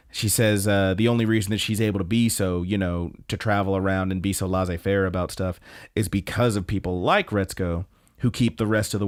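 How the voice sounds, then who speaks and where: A man's voice: fairly low pitch, no room sound, studio quality. A man casually recapping anime episodes as a podcast co-host, rambling with lots of fillers and swearing. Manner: rambling, profane, frequent fillers.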